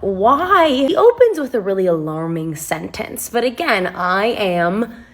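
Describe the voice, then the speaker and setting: A young woman telling a story from her own life in a casual, animated way, sarcastic and poking fun at herself. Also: medium pitch, unhurried. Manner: animated, sarcastic, self-mocking.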